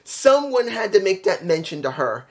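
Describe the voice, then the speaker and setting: A man's voice: high voice, big pitch swings, moderate pace. A young man casually reviewing a wrestling show, rambling and repeating his points for emphasis.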